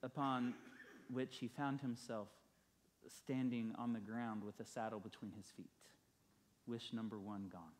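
A man's voice: medium pitch, fairly even intonation, a little slow, slight background noise. A male pastor preaching a sermon, telling a story and building emphasis through repeated phrases.

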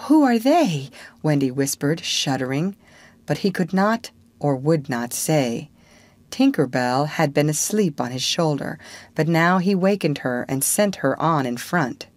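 A woman narrating a children's classic for English learners in a measured, expressive storytelling manner. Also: low-pitched, dry recording.

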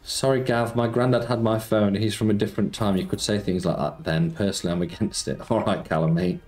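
A fairly quick talker with a fairly low, darkish voice and fairly even intonation, he hosts a relaxed slots live stream. He's chatty, reading the chat aloud, answering viewers, and saying "mate" a lot. The room echoes, and music plays behind him.

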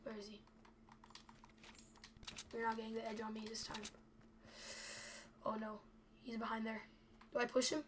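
A woman's voice: on the high side, little pitch movement, moderate pace, long pauses, a little hiss or hum. A young woman giving live gameplay commentary, chatty and anxious, talking straight to her viewers. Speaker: gameplay video creator.

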